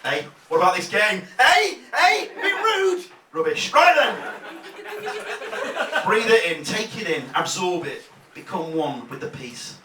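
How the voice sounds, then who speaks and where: A man from Leeds compering a live comedy night, bantering and laughing as he swings between mutters and shouts. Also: sits high, big pitch swings, unhurried. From Leeds, England. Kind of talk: live stand-up crowd work. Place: comedy club stage. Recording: echoey club, distant mic, loud noise.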